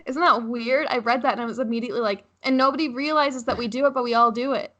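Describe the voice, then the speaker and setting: A woman's voice: fairly high pitch, fairly even intonation, fast, a bit bright, muffled recording. A young woman co-hosting a casual chat podcast, giggly and prone to tangents. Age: young adult. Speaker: podcast co-host.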